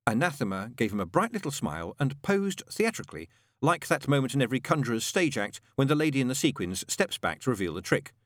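This audiobook narrator is a man of medium pitch reading a novel with measured, expressive storytelling. The studio sound is clean, with no room sound at all.

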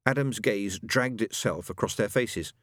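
A man narrating a novel as an audiobook with expressive, dramatic storytelling. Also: lowish voice, a little slow, no echo, studio quality.

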